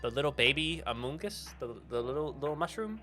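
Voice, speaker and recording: A man's voice: on the high side, lively intonation, fairly quick, pushed and bright, faint music behind. A young man doing casual gaming commentary on a call, goofy and rambling, laughing often. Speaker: gaming YouTuber.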